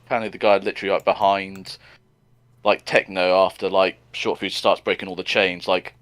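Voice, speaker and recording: A man with a lowish voice talks over comic panels in a relaxed way. He rambles, fills gaps with "like", and chuckles now and then. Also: a little fast, clear, resonant tone. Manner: rambling, many "like" fillers, chuckles. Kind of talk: casual comic review chat.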